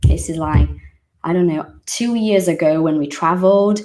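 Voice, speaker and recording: A woman's voice: on the low side, normal speed, warm tone, slight background noise. A woman in her thirties from Brazil, teaching English in a chatty, emphatic monologue and acting out the voices she quotes.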